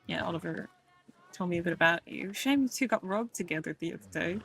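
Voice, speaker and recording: A woman's voice: fairly low pitch, animated, fast, vocal fry, fairly bright tone, slightly rough, faint music behind. A woman in in-character roleplay chat, wry and sarcastic.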